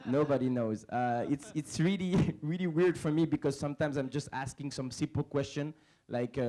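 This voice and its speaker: A man's voice: mid-range voice, slow pace, warm tone, rough recording. A young man with a French accent giving a joking stage speech, playful and laughing, often repeating words as he starts. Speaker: actor and comedian guest.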